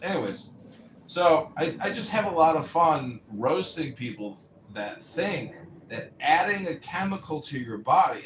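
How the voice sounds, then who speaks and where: A man's voice: fairly low pitch, a bit bright. A man ranting casually as a podcast host, rambling, profane and mocking. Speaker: podcast host and mayoral candidate. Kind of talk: casual rant. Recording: echoey room with faint ambient noise.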